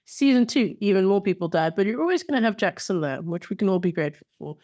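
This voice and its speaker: A woman's voice: mid-range voice, expressive, fast, darkish tone. A woman co-hosting a podcast in casual chat, enthusiastic and playful, with slangy asides and frequent ums. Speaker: podcast co-host.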